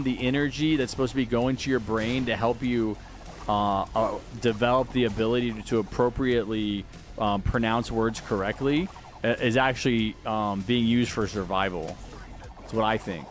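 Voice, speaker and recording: A man's voice: medium pitch, fairly even intonation, normal speed, slight background noise. A man from Texas streaming a game, chatting casually and answering viewer questions with plenty of fillers and restarts. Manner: rambling, answers chat questions with many fillers. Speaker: gaming livestreamer. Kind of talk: casual livestream chat while gaming.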